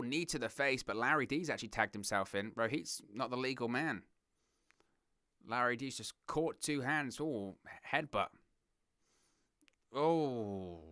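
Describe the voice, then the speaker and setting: A young man from southern England with a southern English accent, hosting a wrestling watch-along with excitable play-by-play commentary. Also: medium pitch, smooth, dry recording, studio quality. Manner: excitable play-by-play, giggles at puns, reads chat.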